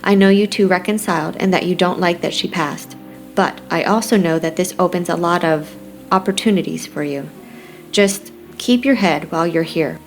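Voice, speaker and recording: A woman reading the lines of a middle-aged mother who scolds her grown son gently but firmly, in an audiobook. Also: on the low side, moderate pace, faint music behind, lightly acted. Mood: chiding. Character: loving, chiding Southern-town mother, middle-aged woman.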